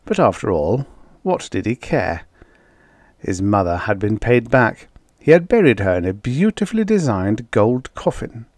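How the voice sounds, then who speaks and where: A man narrates a vintage science fiction story in a measured audiobook reading. His voice sits at a middle pitch and is recorded dry and close, with no room sound. He lifts his pitch when he acts out the heated dialogue. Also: very animated, a little mellow, no room sound. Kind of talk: scripted narration.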